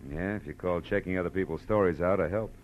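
A man's voice: low-pitched, fast talker, dull audio, slight background noise, close to an everyday voice. A man playing a world-weary, wisecracking male private detective in an old-time radio drama, also narrating the story. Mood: wry. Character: hard-boiled male private detective, wry, dry-witted. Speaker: narrator and lead. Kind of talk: 1940s radio acting.

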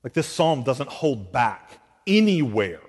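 A man's voice: medium pitch, very animated, slow, darkish tone, breathy edge. A male pastor, preaching a heartfelt sermon. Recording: long reverb of a large hall.

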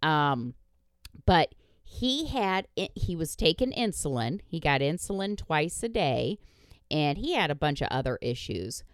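A woman's voice: low-pitched, big pitch swings, a little slow, no room sound, clean studio sound. A woman hosting a podcast, telling a story in a blunt casual chat, swearing freely and laughing along. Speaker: podcast host.

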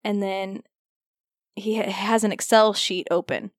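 A woman's voice: medium pitch, steady tone, a little slow, dry recording, clean studio sound. A woman co-hosting a casual podcast, telling a funny work story with animation and laughter. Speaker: podcast co-host.

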